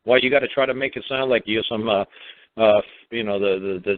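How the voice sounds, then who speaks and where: A man's voice: on the low side, fairly quick, dry recording. A man hosting a radio talk show, bluntly advising a caller in a mocking, repetitive way. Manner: blunt, mocking, repeats words and restarts. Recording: dry, narrow phone-like radio audio.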